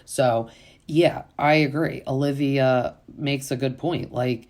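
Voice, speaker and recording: A woman with a very low voice talks through reality TV drama in a casual, opinionated recap. She leans on "like" and "um" as she goes and slips into quick voices for the people she quotes. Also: steady tone, darkish tone. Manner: chatty, opinionated, frequent "like" and "um" fillers. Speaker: podcast host.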